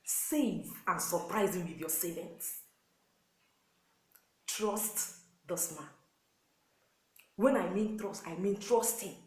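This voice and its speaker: In an echoey room with poor audio, a pastor's wife with a Nigerian accent offers wives earnest marriage counsel like a sermon. Her lowish voice is slow with long pauses, and she acts out quotes while repeating key points.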